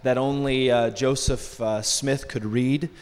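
A man's voice: mid-range voice, fairly even intonation, unhurried, clean tone. Man preaching in a reverberant church. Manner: conversational preaching with asides and rhetorical questions. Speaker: pastor. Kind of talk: sermon. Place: church sanctuary. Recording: long hall reverb.

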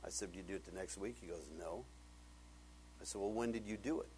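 A man preaching a sermon, retelling a conversation and then building to loud, emphatic preaching. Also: low-pitched, fast, a little hiss or hum, low-quality recording.

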